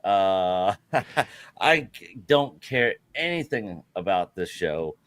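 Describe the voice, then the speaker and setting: A man with a very deep voice co-hosting a casual livestream chat. He gives blunt, dismissive opinions with a laugh. The sound is dry and close to the mic. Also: sing-song, takes it slowly, fairly bright tone, dry recording. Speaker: co-host.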